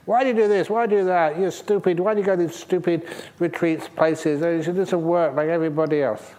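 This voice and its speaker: A man's voice: a little high, steady tone, brisk, voice pushed up, natural voice. Man plays an angry husband, raised and scolding. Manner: shouting, scolding. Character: angry shouting husband scolding his wife.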